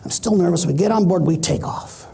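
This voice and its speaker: A man on stage tells stories in a lively, animated way and plays out the voices he quotes. His voice is warm and relaxed, with a husky edge. He is middle-aged and speaks like a seasoned keynote speaker. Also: sits high, brisk. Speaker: motivational speaker.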